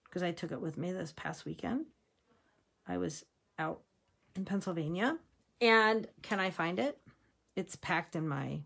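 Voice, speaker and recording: A woman hosting a casual craft tutorial, chatting upbeat to viewers and laughing at herself while she works with her hands. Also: on the low side. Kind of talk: casual how-to demonstration.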